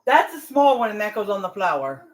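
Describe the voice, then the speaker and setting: A woman's voice: mid-range voice, big pitch swings, moderate pace, background noise. A woman hosting a cooking vlog, rambling chattily and talking straight to her viewers from her home kitchen. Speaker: cooking channel host.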